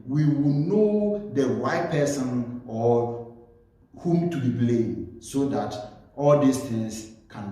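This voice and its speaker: A man giving earnest commentary as a vlogger, speaking slowly and repeating himself to stress his points. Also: medium pitch, mellow. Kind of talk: earnest spoken commentary to camera. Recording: very echoey room.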